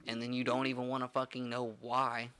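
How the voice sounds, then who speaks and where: A man's voice: mid-range voice, completely flat delivery, fairly quick, sharp tone, clean tone. A young man, a bartender and podcast co-host, telling stories in a rambling, profane way full of "like" fillers. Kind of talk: casual storytelling chat.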